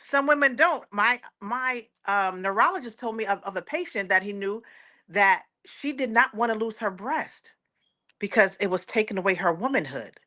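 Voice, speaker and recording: A woman's voice: medium pitch, moderate pace, sharp tone. A woman, a guest giving an earnest personal testimony and often quoting others aloud. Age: 40s. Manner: earnest, repeats words, quotes others aloud.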